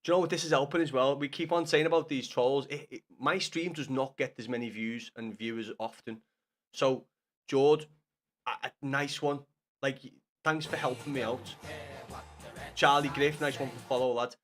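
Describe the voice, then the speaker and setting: A man talks to his live-stream viewers in a loose, banter-filled way. He swears freely, repeats himself, and calls everyone lad and mate. His voice sits at an ordinary pitch for a man. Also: steady tone, normal speed, fairly bright tone. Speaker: streamer reading chat.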